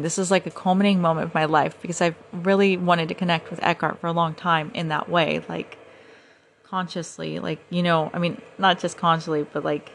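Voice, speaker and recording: A young woman hosts a casual podcast, retelling an event with lively, breathless energy. Her voice sits a little low, and she keeps acting out her own reactions. A faint background hiss runs under the recording. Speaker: podcast host. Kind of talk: casual storytelling monologue.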